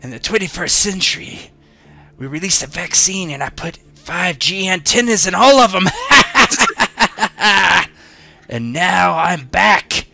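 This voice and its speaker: A man voicing a crazed, bragging tycoon, high-pitched yells and swooping delivery, bright and dry. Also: animated, normal speed, gravelly, soft background music, heavily acted. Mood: gloating. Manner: screaming threats and bragging, cackling. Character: foul-mouthed vengeful billionaire inventor, armed, boastful.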